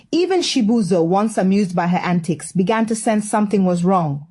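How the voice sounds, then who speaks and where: A woman's voice: mid-range voice, lively intonation, a little fast, few pauses, warm tone, breathy edge. A woman telling a scripted story in a wry, gossipy manner.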